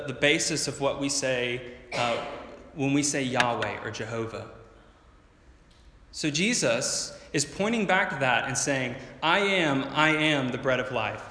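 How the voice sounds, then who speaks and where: Bright-voiced man preaching in an echoey hall. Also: mid-range voice. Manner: earnest explaining, builds up to emphatic points. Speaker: pastor. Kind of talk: sermon.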